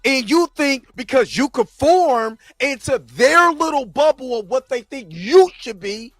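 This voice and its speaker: A man's voice: very high-pitched, lively intonation, measured pace, fairly bright tone, no echo, soft background music. A man hosting a reaction show, delivering heated, impassioned commentary with frequent stumbles and restarts.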